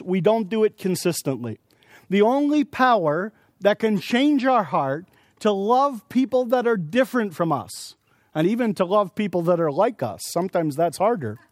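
A man's voice: sits high, expressive, moderate pace, no echo, clean studio sound. A man preaching a sermon at a conference, earnestly explaining scripture with everyday examples. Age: adult with young children. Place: conference session.

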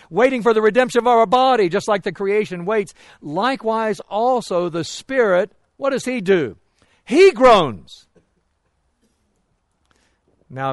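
A man preaching a sermon in a fairly high voice. He swings from soaring, loud emphasis down to quiet, low remarks and throws rhetorical questions out to the congregation. The sound is dry and close. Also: no echo. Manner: emphatic rises and drops in pitch and volume.

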